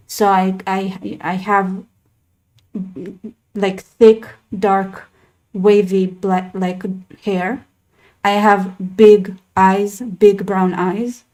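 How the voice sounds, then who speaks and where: With a darkish, mid-range voice, a young Israeli host keeps a casual chat going in a loose, chatty style, constantly using "like" and restarting her sentences.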